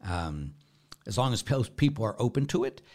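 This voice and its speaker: A man's voice: medium pitch, very animated, moderate pace, darkish tone. A man, a Catholic priest, answering viewer questions in a conversational teaching manner, asking himself questions and answering them. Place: broadcast to viewers.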